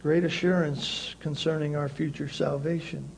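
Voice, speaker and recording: A male pastor preaching a sermon, emphatic and repeating key phrases, with swings between loud passages and quiet ones. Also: a little high, steady tone, unhurried, slight background noise, poor audio.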